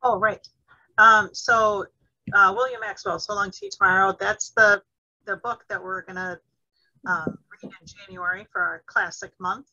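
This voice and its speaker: A woman co-hosting a book club over a video call, talking in a brisk, practical way about upcoming plans. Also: mid-range voice, fairly even intonation, pushed and bright, no echo. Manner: brisk, practical scheduling talk. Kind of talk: casual book club chat. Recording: dull lo-fi video call audio.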